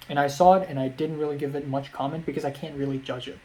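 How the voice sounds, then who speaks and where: A man's voice: fairly high pitch, steady tone, brisk, a little mellow. A young man from Hong Kong telling a rambling, self-deprecating vlog story full of ums and repeated phrases. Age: young adult. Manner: self-deprecating, laughs at himself. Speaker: vlogger.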